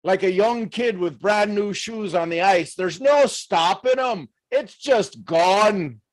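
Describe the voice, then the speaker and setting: A man's voice: sits high, slow, no room sound, voice pushed up. Man putting on a folksy Irish brogue. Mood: playful. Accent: Irish, put on. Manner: folksy, teasing, full of colloquialisms. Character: cheeky adult Irishman spinning folksy motivational yarns. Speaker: host.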